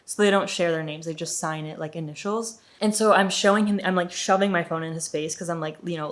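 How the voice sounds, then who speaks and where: A young woman telling a storytime vlog in an animated, indignant way, acting out the dialogue as she goes. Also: lowish voice, moderate pace, few pauses. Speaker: vlogger.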